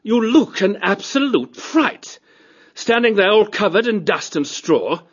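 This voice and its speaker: A reedy, haughty aristocrat cat. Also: male voice, sing-song, unhurried, breathy edge, muffled recording, heavily acted. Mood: weary. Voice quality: high, reedy tenor. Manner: fussy, disdainful, plummy. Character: cultured, haughty, gloomy male aristocrat cat.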